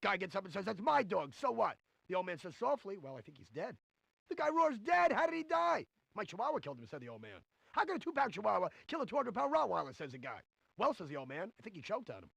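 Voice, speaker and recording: Brash nightclub comic, high and lively, rattles jokes off fast. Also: male voice, vocal fry, slightly rough, no echo, heavily acted. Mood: joking. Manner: punchy set-up and punchline delivery, quick switches into quoted voices. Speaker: stand-up comic in a game. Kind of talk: stand-up joke delivery.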